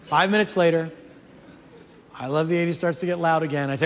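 High-voiced man telling a comic story. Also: a little fast, pauses often, big-room sound, a little hiss or hum. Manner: animated, building to mock-outraged shouts. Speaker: comedian.

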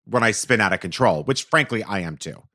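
A man's voice: on the low side, animated, fairly quick, sharp tone, dry recording, clean studio sound. A man co-hosting a podcast in casual chat, playful and theatrical as he reads listener reviews aloud. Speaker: podcast co-host.

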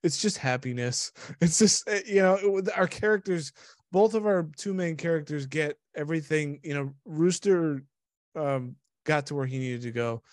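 Excitable man gushing in casual chat. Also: on the high side, normal speed, no echo, studio quality. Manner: excited, laughs often, trails off mid-sentence. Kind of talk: casual movie review chat.

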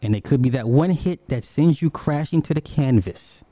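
A man recounts something that happened to him, loose and foul-mouthed and full of energy, dropping to low mutters one moment and jumping to loud exclamations the next. He talks at a normal pace, and the recording has no echo.

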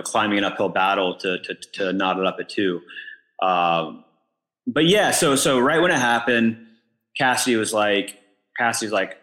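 A man tells a story on a casual podcast with a low-pitched voice and a bright, forceful edge. He talks in an animated way and often repeats words as he gathers his thoughts. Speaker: pickleball pro and podcast co-host.

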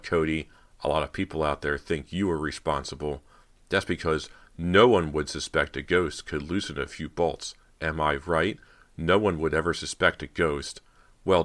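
A man's voice: extremely low pitch, fairly bright tone. A man voicing a spiteful teenage girl ghost in an audiobook reading, with a taunting, mocking way of talking.

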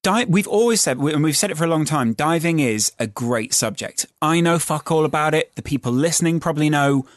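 A man's voice: a little high, expressive, a little fast, few pauses, no echo. A man co-hosting a podcast, joking with dry, wry humor. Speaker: podcast co-host. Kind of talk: casual banter.

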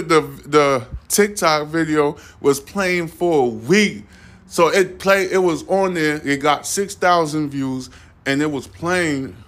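Solo podcast host, man, loose and defiant, circles back on himself, mid pitch. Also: fairly bright tone. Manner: rambling and defiant, repeating "you see what I'm saying". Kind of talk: casual solo podcast monologue.

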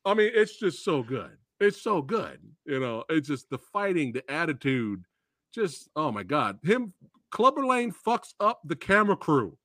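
Excitable high-voiced man gushing about movies. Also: a little slow, no room sound, clean studio sound. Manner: excitable, profane, acts out movie quotes. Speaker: podcast host. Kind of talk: casual movie chat.

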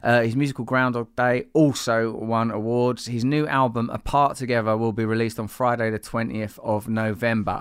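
A man's voice: fairly low pitch, dry recording, clean studio sound. Rambling, playful man hosting. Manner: rambling, playful, self-mocking asides. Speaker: podcast host. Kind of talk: casual podcast intro and chat.

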